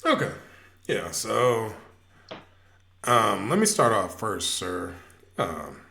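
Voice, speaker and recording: A man's voice: fairly low pitch, big pitch swings, slow, vocal fry, pauses often, pushed and bright. A man co-hosting a sports podcast, talking in a laid-back, hesitant way with many fillers. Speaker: podcast co-host. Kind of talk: casual sports chat.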